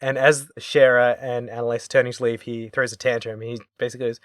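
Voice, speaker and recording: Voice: mid-range voice, quick pace, few pauses, dry recording. Co-host, dry studio sound, wry, teasing, voices quoted characters in passing. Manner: wry, playfully mocking, acts out quoted lines. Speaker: podcast co-host. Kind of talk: casual chat about a video game.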